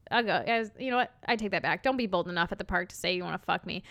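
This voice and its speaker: A woman with a Midwestern American accent co-hosting a casual chat, bubbly and teasing, quick to laugh. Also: on the low side, a bit bright. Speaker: podcast co-host.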